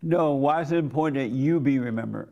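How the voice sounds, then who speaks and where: Male pastor, terse questioner, slightly high-pitched, blunt. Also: quick pace, gravelly, dark tone, lo-fi sound. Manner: terse, repeats short "why" questions. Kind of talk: blunt questioning in a church session. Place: church meeting room.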